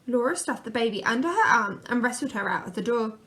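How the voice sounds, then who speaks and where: A woman reading a children's picture book aloud, gently and expressively. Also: a little high, expressive, fairly quick. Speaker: storyteller.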